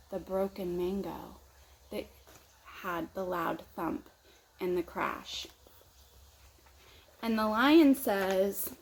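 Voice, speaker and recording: A woman leading children's story time at church with expressive storytelling. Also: medium pitch, a little hiss or hum, poor audio.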